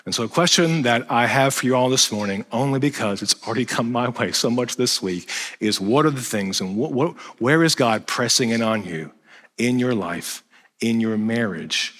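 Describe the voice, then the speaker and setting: A man preaching a sermon as pastor, animated and self-deprecating, swinging between loud emphasis and quiet asides. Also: fairly low pitch. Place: church sanctuary. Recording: reverberant church hall.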